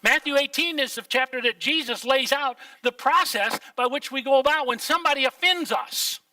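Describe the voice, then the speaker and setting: A man's voice: extremely high pitch, moderate pace, pushed and bright, no echo, far from the mic, poor audio. An older male pastor, preaching a folksy sermon in church and throwing out rhetorical questions. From Oklahoma, USA. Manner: folksy, plain-spoken, full of rhetorical questions. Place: church sanctuary.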